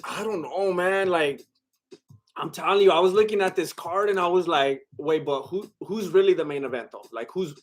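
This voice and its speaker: A man's voice: high voice, normal speed. A man with a Mexican-American accent chatting casually on a live stream, rambling with lots of fillers and laughter.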